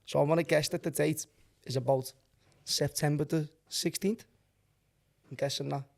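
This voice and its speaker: A Liverpool man tells a long, sweary story, hopping from one bit to the next. His voice sits high for a man. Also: normal speed, vocal fry. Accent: Liverpool (Scouse). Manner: swears freely, rambling animated anecdotes. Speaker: guest, band singer. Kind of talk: casual storytelling.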